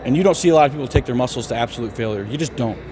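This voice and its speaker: A male bodybuilder vlogger chats casually in a gym, talking fast, emphatically, and with plenty of cursing. His voice is mid-range, and background noise is audible.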